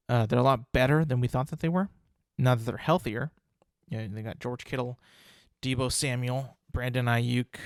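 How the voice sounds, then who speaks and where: A man hosts his own casual podcast in a mid-range voice, talking about the weekend's games. He rambles and repeats himself, with plenty of fillers and strong opinions. The sound is dry and close, with no room echo. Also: medium pitch. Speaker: podcast host. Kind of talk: casual sports chat.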